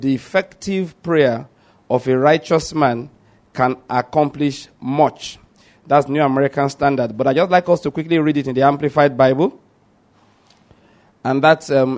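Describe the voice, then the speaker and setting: A man preaching a sermon, teaching slowly and repeating his key points, often checking whether listeners understand. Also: mid-range voice, a little mellow.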